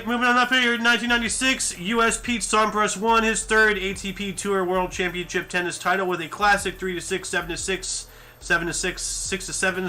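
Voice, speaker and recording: A man with a high, very bright voice runs a casual podcast, rattling off dates and sports scores from a list. He breaks in with chatty, joking asides. Faint music plays under him. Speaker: podcast host reading history events. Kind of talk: casual chat reading off a list.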